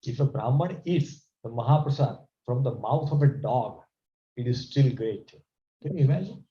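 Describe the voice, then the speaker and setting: A man teaching a scripture class, telling stories in a conversational, animated way and asking the audience questions. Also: mid-range voice, moderate pace, echoey room, highs cut off.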